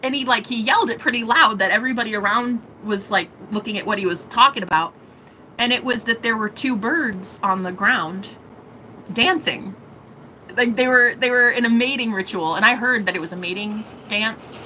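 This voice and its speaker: A woman tells a rambling, emotional story for her vlog, swearing freely as she goes. Her voice is bright and tense and sits a little high. A faint hiss runs under the recording. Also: moderate pace, poor audio. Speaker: vlogger.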